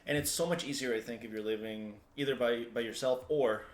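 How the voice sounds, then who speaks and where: A man's voice: medium pitch, a little fast. Male podcast host, laid-back storyteller, casual swearing, roomy echo, faint noise. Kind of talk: casual chat.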